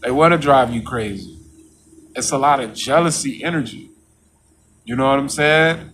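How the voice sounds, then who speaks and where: Man, casual monologue, preachy and repetitive, mid-pitched voice, faint background noise. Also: normal speed, a bit bright. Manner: preachy, repeats "you know what I'm saying"; mocks coworkers in a high voice.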